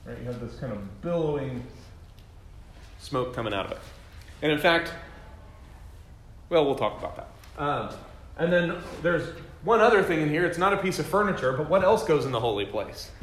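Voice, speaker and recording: A man's voice: a little high, lively intonation, moderate pace, pauses often, fairly bright tone, slight background noise. A man leading a classroom Bible lesson, chatty and quizzing his students with self-deprecating jokes. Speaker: Bible study teacher. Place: classroom with a group. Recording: echoey room.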